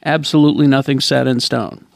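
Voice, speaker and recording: A man's voice: medium pitch, fairly even intonation, fairly quick, creaky, no echo. A man hosting a casual podcast chat, reading out news with frequent fillers and restarts. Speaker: podcast host.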